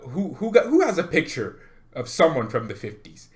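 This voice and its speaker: A man hosting a football fan channel, ranting excitedly to camera with jokes, laughs and repeated words for emphasis. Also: on the high side, normal speed. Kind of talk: animated fan rant to camera.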